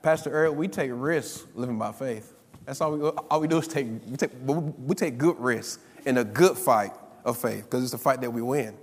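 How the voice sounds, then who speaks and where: A man's voice: mid-range voice, moderate pace. A man preaching a sermon, emphatic, repeating key lines for effect. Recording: long reverb of a large hall.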